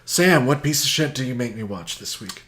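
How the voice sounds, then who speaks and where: A man co-hosting a comedy podcast, telling a story in a mock-grandiose, deadpan way. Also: medium pitch, a little fast. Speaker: podcast co-host. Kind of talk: casual comedy chat.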